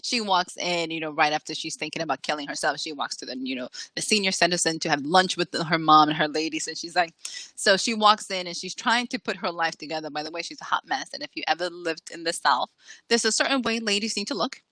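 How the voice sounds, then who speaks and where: A woman author chatting in an interview, lively and acting out the people she quotes. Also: low voice, fast talker, no echo. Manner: animated, acts out quoted voices. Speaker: author guest. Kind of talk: casual interview chat.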